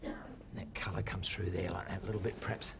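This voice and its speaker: A man's voice: deep voice, level tone, a little fast, creaky, whispered. A man chatting while he paints on a television talk show, narrating his brush strokes and telling jokes. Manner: rambling, self-narrating, jokey. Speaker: guest painter. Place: TV studio.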